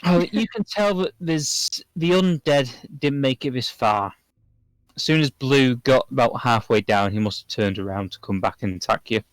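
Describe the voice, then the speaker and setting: Male game master, easygoing, mid pitch, dry booth-like recording. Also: moderate pace, dry recording, rough recording. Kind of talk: narrating a tabletop game.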